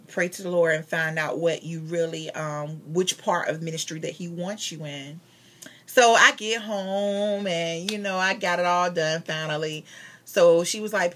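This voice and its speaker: A woman telling a personal church story in casual storytelling style, acting out the dialogue. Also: fairly low pitch. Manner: animated retelling with quoted dialogue. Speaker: vlogger sharing a testimony.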